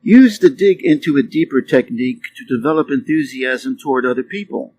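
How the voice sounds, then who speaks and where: A man's voice: mid-range voice, lively intonation, a little fast, darkish tone, dry recording. A man reading a self-help book aloud as an audiobook, in an earnest, emphatic way that leans hard on key words. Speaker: audiobook reader.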